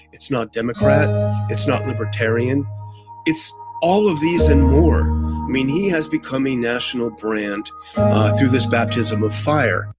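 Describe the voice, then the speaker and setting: A man giving measured, earnest political commentary in a played clip. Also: medium pitch.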